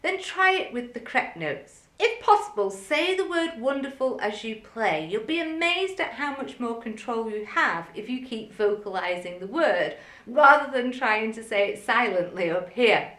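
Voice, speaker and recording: A woman gives a music lesson in a bright, fairly high voice that rises and falls a lot. She explains step by step and chants the counts in a firm, even rhythm. The room has a noticeable echo. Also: moderate pace, few pauses. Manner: clear, methodical teaching with counted chanting. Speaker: music teacher. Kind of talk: instructional video lesson.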